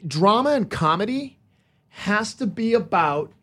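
A man's voice: high voice, expressive, a little slow, pushed and bright. A middle-aged man, a comedian guest, talking in casual podcast chat, riffing animatedly and stacking repeated words.

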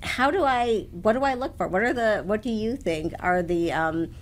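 A woman interviewer asking questions and thinking aloud with frequent pauses and "um"s. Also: mid-range voice, a little hiss or hum.

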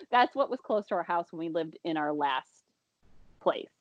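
A woman co-hosting a podcast, chatting in a relaxed, rambling way and giggling often. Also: on the low side, unhurried, no echo, lo-fi sound. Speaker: podcast co-host. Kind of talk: casual chat.

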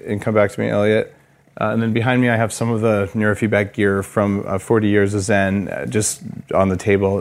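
A male podcast host with a somewhat low voice chats in a loose, casual way, full of fillers and restarts. He sounds keen as he walks through his health gear. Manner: relaxed, filler-heavy, enthusiastic about gadgets. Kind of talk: casual interview and studio walkthrough.

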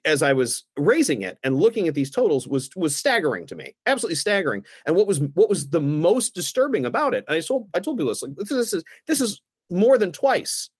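A fairly high-voiced man tells stories in a lively, animated way. He acts out the lines of the people in them, and his pitch moves a lot. The recording is close and dry. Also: slightly rough, no room sound. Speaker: guest, former aldermanic candidate. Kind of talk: casual storytelling.

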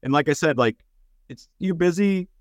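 A man from North Texas joins a podcast as a guest, his voice sitting a little high for a man. He talks in a measured, conversational way with a few hesitations. The recording is close and dry. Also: lively intonation, no room sound. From North Texas, USA. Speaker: podcast guest, concerned parent. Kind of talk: casual political chat.

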